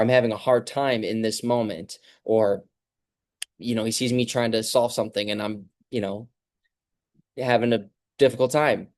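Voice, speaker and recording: A man in the middle of his pitch range gives a casual motivational talk. He is reflective and halting, with many fillers. The sound is dry and close to the mic. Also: darkish tone, no room sound. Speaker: clinic host.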